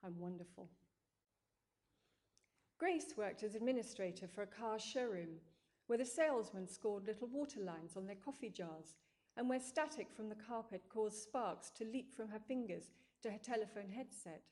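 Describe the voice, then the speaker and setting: A woman reading fiction aloud in a calm, measured, dryly wry way. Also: mid-range voice. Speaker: narrator. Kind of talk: scripted narration.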